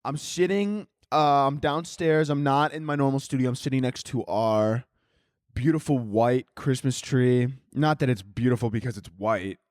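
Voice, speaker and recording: A man's voice: medium pitch, moderate pace, a little mellow, dry recording, studio quality. Crude rambling male podcast host. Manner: crude, rambling, laughing at his own jokes. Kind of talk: casual comedic monologue. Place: home, downstairs by a Christmas tree.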